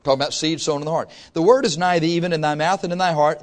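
A pastor preaching to his congregation, swinging from loud rises to soft asides. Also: a little high, steady tone, rapid-fire. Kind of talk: sermon. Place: church before a congregation.

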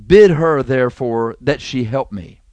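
A fretful, overworked hostess pleading for help with the serving, as a preacher reads her lines. Her complaint comes in a plain mid-pitched voice, recorded dry and close with no room sound. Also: expressive, a little slow, a little mellow, dry recording, natural voice. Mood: complaining.

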